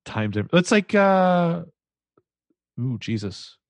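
Lively man in a dry, close recording. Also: a little high, slow, dry recording. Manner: animated, laughing, retelling scenes. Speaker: podcast co-host. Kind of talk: casual movie-discussion chat.

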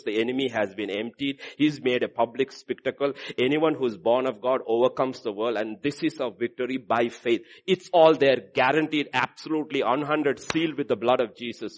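A man preaching a sermon in an emphatic, repetitive style, moving from loud exhortation to low, intense delivery. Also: moderate pace, hardly any pauses.

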